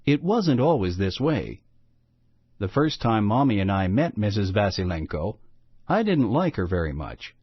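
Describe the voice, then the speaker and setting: A man reading a children's storybook aloud in a slow, expressive storytelling manner. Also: on the low side, breathy edge, no echo. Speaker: storybook reader. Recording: muffled lo-fi recording.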